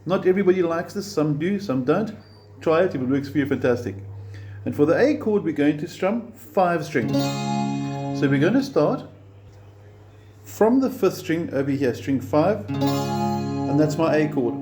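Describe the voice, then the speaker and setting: A man's voice: fairly high pitch, lively intonation, measured pace, pauses often. A man teaching a beginner guitar lesson step by step, patient and encouraging, counting the beats aloud.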